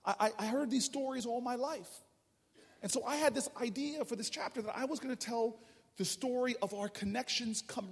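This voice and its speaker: High-voiced, husky man telling stories. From New Jersey, USA. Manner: animated, humorous, with many restarts. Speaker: politician speaking at a town hall. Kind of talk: storytelling speech. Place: large public hall. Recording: reverberant hall from far off.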